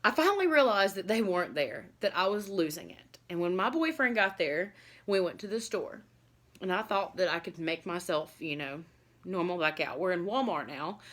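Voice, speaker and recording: A woman's voice: lowish voice, sing-song, brisk, fairly bright tone. Casual woman vlogger, earnest confessional storytelling, loose and rambling, lots of fillers. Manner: rambling, filled with "like" and "you know". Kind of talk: candid personal storytelling to camera.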